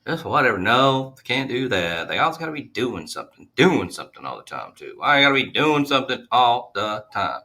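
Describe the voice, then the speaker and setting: A man's voice: medium pitch, very animated, a little fast, hardly any pauses, bright, forceful tone. A man co-hosting a casual podcast, ranting in exasperation and swearing heavily. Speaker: podcast co-host. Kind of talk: casual profane podcast chat.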